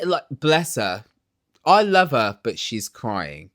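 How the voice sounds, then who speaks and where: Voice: mid-range voice, very animated, a little slow, fairly bright tone, no echo, studio quality. A vlogger ranting casually and sarcastically through a reality TV recap, opinionated and swearing.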